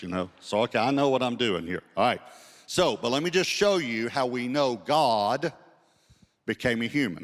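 A male pastor preaching a sermon, telling a story with quoted dialogue and slowing down to read scripture aloud. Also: medium pitch. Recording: long hall reverb.

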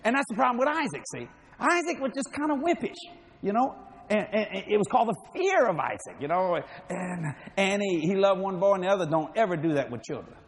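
A man's voice: sits high, sing-song, brisk. A man preaching a sermon, telling funny stories in a folksy way and laughing between lines. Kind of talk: humorous sermon storytelling.

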